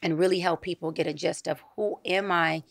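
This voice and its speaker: A woman, a psychology expert guest on a studio podcast, speaking in a calm, affirming, measured way. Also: lowish voice, creaky, no echo. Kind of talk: podcast interview.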